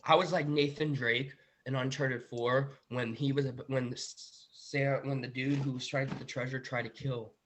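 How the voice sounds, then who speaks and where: A man in the middle of his pitch range, excitedly retelling a long dream to his audience. He talks casually, addresses his viewers directly and leans on "literally". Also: normal speed, hardly any pauses, a little hiss or hum. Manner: animated retelling, often says "literally" and "guys". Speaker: podcast host.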